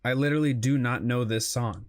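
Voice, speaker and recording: A man talking through his game play at a mid-range pitch, full of exclamations and sheepish apologies. He jokes at his own expense as he goes. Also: fairly quick. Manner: exclaiming, self-deprecating, apologetic. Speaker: gaming video host. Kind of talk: let's play commentary.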